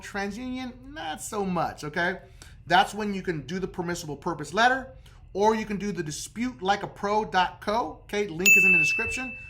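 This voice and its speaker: A man's voice: sits high, pushed and bright. A man hosting a casual how-to talk on credit repair, who checks in with "okay?" after nearly every point.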